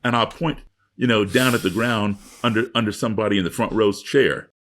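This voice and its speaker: A man's voice: lowish voice, fairly quick, fairly bright tone. A middle-aged man telling a story in an interview, lecturing with emphatic repetition. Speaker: guest speaker.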